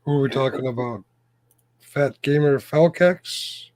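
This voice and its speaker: A man's voice: medium pitch, a little slow, darkish tone, slight background noise. Joking man hosting a live chat. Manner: joking, chuckling, throat-clearing. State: losing his voice. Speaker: host of a live chat show. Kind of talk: casual live-stream chat.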